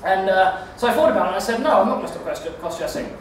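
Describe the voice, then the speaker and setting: A man doing a stand-up set, telling a rambling story in a deadpan way with stammered restarts. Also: high-pitched, very fast, slight background noise. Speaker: stand-up comedian. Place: comedy club stage. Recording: echoey club from far off.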